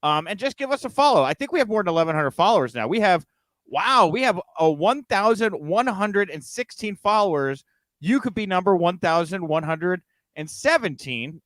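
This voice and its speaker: A man hosting a podcast in a relaxed, chatty way, full of quick asides and laughs. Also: high-pitched, no room sound. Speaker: podcast host. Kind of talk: casual chat.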